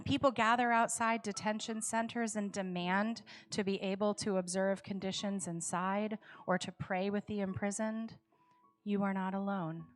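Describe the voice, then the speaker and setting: A woman telling a story in a worship service, measured and calm, repeating refrains. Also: mid-range voice, faint music behind. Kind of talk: storytelling sermon.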